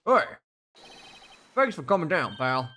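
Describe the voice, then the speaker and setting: A man's voice: a little high, big pitch swings, unhurried, sharp tone, a little hiss or hum, heavily acted. A man doing a blustering cop detective. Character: gruff, eager male police detective.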